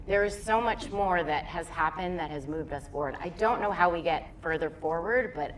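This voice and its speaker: A woman's voice: on the low side, moderate pace, a bit bright, reverberant, far from the mic, a little hiss or hum. A woman in her fifties speaking candidly and emphatically as a panelist at a live theater discussion. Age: 50s. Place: theater in a large city.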